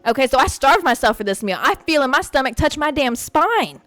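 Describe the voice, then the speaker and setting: Young woman ranting on her podcast, swears a lot, kinda high voice, dry close mic. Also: brisk, no echo. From Puerto Rican family. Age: young adult. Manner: profane, animated, ranting. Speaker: podcast host. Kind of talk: casual storytelling monologue.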